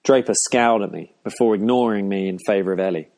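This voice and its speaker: A man narrating a first-person audiobook in a measured, dry way. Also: fairly low pitch, darkish tone.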